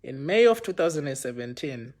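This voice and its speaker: A man's voice: mid-range voice, sing-song, brisk, a little mellow. A young man telling a personal story on a livestream in a casual, rambling way, often repeating himself and checking in with viewers.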